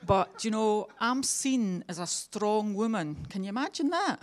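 A Scottish woman sharing her testimony with a church gathering. She talks in a chatty, humorous way, often poking fun at herself. Her voice sits at an ordinary middle pitch. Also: lively intonation, a little slow. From Scotland. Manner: humorous, chatty, self-mocking. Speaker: church member giving testimony. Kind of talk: personal testimony at a church meeting.

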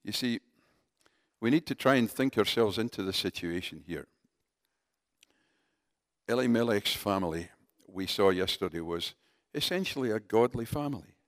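A man preaching a sermon in a conversational, animated way, talking directly to his congregation. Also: fairly low pitch, normal speed, dry recording, clean studio sound.

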